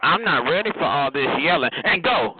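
A man's voice: a little high, expressive, fairly quick. A man trash-talking on a phone party line, sassy and flamboyant, calling everyone child and honey. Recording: tinny phone line with loud crowd noise.

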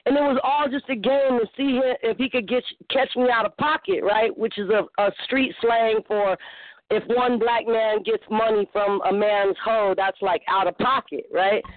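A woman in a casual podcast chat, telling stories in an animated, slangy way. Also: fairly high pitch, moderate pace, dry recording. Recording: tinny phone line with faint noise.

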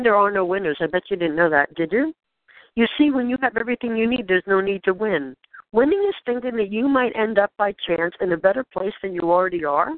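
A woman leading a channeled spiritual guidance session, speaking in gentle, questioning prompts to the listener. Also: mid-range voice, no echo. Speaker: spiritual guide. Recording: dry, tinny phone-like sound.

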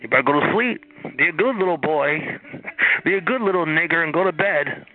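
A man's voice: fairly high pitch, moderate pace. A man in a crude phone chat, taunting and repeating himself. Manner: taunting, repetitive. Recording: phone-line audio with faint music.

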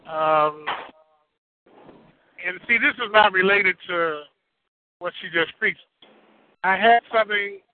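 A man calling in from his truck while driving, telling a rambling, halting story. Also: sits high. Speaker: caller. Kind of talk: casual phone comment. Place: truck on the road. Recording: tinny phone line from a moving truck.

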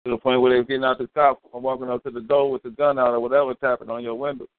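A man's voice: medium pitch, flat delivery, very fast, dry recording. A man in casual chat, reflective, with repeated stumbles over his words. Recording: tinny phone-like sound, dry.

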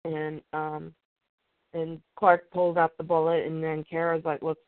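Comic book reviewer, rambling casual recap, reads dialogue flatly, tinny narrow sound. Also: mid-range voice, unhurried, no echo. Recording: tinny, dry phone-like sound.

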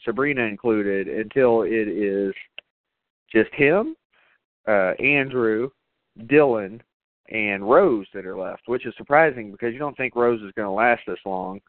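Profane excitable man on a tinny line. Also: mid-range voice, dry recording. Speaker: podcast co-host. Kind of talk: casual horror movie chat.

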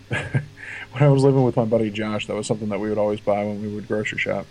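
Man from Pennsylvania, lowish voice, podcast guest, relaxed, hesitant, casual swearing, remote call mic. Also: quick pace, slight background noise, low-quality recording. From Pennsylvania, USA. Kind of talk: casual chat. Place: dark room at home.

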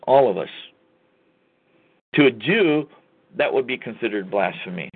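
A man's voice: medium pitch, expressive, unhurried, long pauses, breathy edge. A man hosting a talk radio show, delivering a combative, folksy monologue and often calling the listeners "folks". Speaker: radio host. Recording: tinny phone-line sound.

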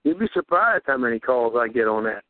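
A man hosting a radio show, preaching in a fervent, repetitive ramble and rising high on rhetorical questions. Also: sing-song, a little fast, no room sound. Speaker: radio host. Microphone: handheld recorder. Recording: tinny phone-like radio audio.

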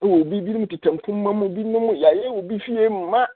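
Older man, husky high-pitched voice, reminiscing storyteller, tinny phone call. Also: fairly quick, dry recording. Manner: storytelling, mixing English words into his speech. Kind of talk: reminiscing casual chat.

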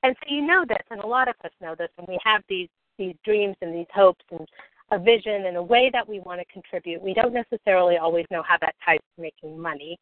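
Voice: medium pitch, fast talker, dry recording. A podcast host musing thoughtfully about purpose and service in a conversation. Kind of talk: reflective conversation. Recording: dry phone-like audio.

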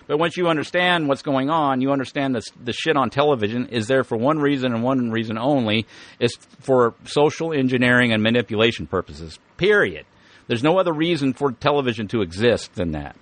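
Middle-aged male podcast host, rambling and profane, stammers and restarts, mid-pitched voice, dry close mic. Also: fairly bright tone, dry recording. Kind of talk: casual monologue.

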